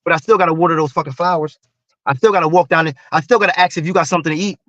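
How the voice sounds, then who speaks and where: A blunt man in casual conversation, talking in a fairly high voice that jumps around and repeats his points with force. The sound is dry and a bit dull, like a lo-fi recording. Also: racing, no echo. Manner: blunt, repetitive, animated street talk. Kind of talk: casual chat.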